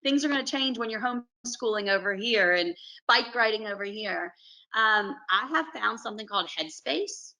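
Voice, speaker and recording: A periodontist woman from Alabama, talking earnestly and warmly over a video call on a panel. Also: mid-range voice, animated, normal speed, poor audio. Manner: earnest, effusive, says "y'all".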